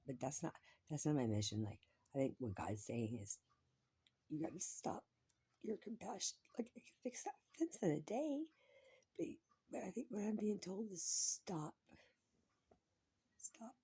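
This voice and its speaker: In a low, warm, husky voice, a woman rambles through a personal monologue. She repeats herself, swears freely, and now and then drops to a whisper.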